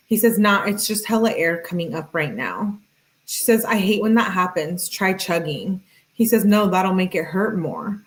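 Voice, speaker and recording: A woman streamer reading text messages aloud, breaking in with sarcastic comments and thanking viewers in the chat. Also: fairly low pitch. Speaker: true crime streamer.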